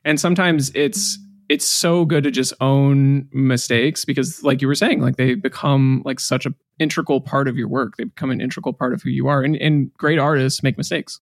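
A man's voice: medium pitch, steady tone, normal speed, hardly any pauses, no room sound, clean studio sound. A man co-hosting a casual podcast, rambling and jokey with lots of "like" and restarts. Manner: rambling, filler-heavy, jokey. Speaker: podcast co-host.

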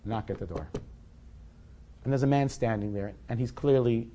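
A man's voice: medium pitch, normal speed, mellow, a little hiss or hum. A man in his forties telling a personal story to a live audience in a candid, conversational, self-deprecating way. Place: event hall with a live audience.

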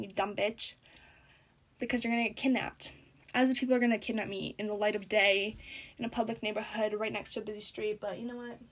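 Teenage girl vlogger with a high voice, chatty and sarcastic, telling stories while chewing gum. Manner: rambling, sarcastic, animated storytelling. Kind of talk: casual chat.

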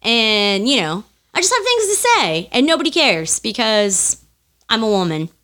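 A woman in her thirties talks through a casual podcast chat with a fairly high, bright voice. She is animated, laughs often and swears freely. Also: moderate pace. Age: 30s. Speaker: podcast co-host.

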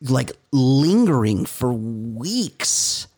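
A man's voice: mid-range voice, sing-song, extremely slow, darkish tone, a little hiss or hum. A man hosting a casual podcast chat. He talks candidly, swears freely and speaks with open emotion. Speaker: podcast host.

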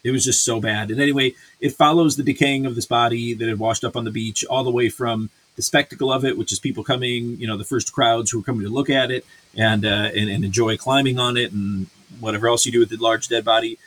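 A man's voice: mid-range voice, fairly even intonation, fast talker, a bit bright. A man hosting a casual review chat, swearing freely and ranting with many fillers and restarts. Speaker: podcast host reviewing a series.

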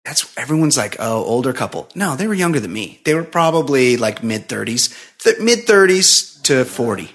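A man's voice: medium pitch, sing-song, normal speed, hardly any pauses, a bit bright. A man co-hosting a podcast, telling a long story in casual, profane, rambling chat full of fillers. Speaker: podcast co-host.

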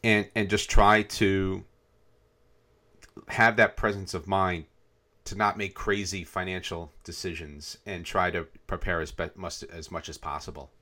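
A man's voice: sits low, flat delivery, unhurried, pushed and bright. A man co-hosting a podcast, chatting casually and reading out news headlines with frequent fillers. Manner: conversational, reads headlines aloud, frequent fillers. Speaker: podcast co-host.

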